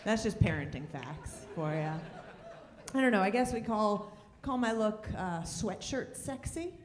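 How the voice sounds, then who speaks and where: A woman comedian works a club crowd with a lively, bouncing delivery, her pitch leaping up and down. Her punchlines come dry and sardonic. The stage mic picks up plenty of the club's roomy echo. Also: measured pace. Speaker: stand-up comedian. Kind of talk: stand-up comedy set.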